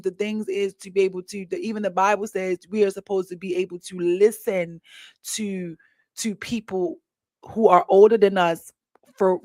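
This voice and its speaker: Female podcast host, animated and chatty, mid-range pitch, dry room. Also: dry recording. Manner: chatty, animated storytelling with asides to listeners. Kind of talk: casual monologue.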